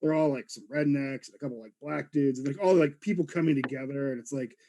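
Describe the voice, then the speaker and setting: A man's voice: mid-range voice, fast, warm tone, a little hiss or hum. A man guesting on a podcast, talking casually and earnestly in a rambling way, full of fillers. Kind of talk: casual chat.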